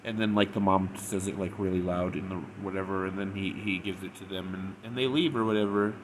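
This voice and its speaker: This fanfic reviewer is a man with a low, steady voice who talks a little fast, rambling casually through a story with lots of "like" and "or whatever." Slight background noise sits under his spoken review.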